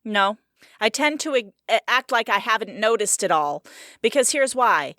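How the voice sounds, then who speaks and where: Frank bright-voiced woman co-host. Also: fairly high pitch, animated, moderate pace, dry recording, studio quality. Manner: frank, outspoken, laughs often. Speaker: podcast co-host. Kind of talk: casual chat.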